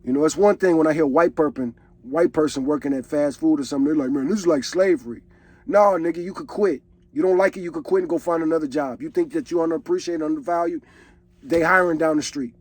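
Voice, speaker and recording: Husky high-voiced man preaching. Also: fast talker, dry recording. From Chicago. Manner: earnest, preachy, reflective. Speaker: reaction video host. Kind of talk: casual reaction commentary.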